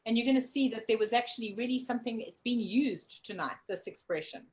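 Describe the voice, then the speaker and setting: A woman's voice: on the high side, fairly quick, poor audio. A woman co-hosting a casual online lip-reading game, coaxing viewers to guess over a video call. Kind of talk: casual live-stream game chat.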